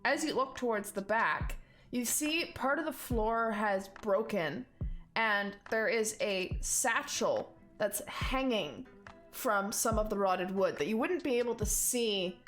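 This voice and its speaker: A woman narrates a tabletop game as its dungeon master, loose and chatty with frequent fillers. Her pitch sits in an ordinary middle range. Soft background music plays faintly beneath her. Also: measured pace. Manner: casual descriptive narration with many fillers.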